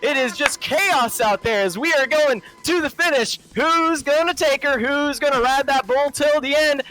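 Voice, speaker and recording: A man's voice: very high-pitched, normal speed, bright, forceful tone, pitched above the performer's own voice, low-quality recording. A man voicing an over-the-top Southern male race announcer with a folksy, exaggerated drawl. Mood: hammy.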